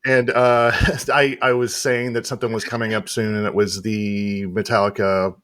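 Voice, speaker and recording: A man appearing as a podcast guest, telling a story in a relaxed, rambling way with many fillers. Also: on the low side, normal speed, no room sound. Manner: rambling, lots of uh and you know. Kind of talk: casual chat.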